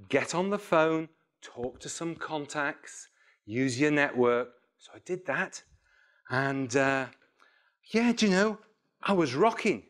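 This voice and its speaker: Animated man telling a story. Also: a little high. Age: middle-aged. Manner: animated, self-mocking, acts out phone calls. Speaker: public speaker. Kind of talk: storytelling talk to a live audience.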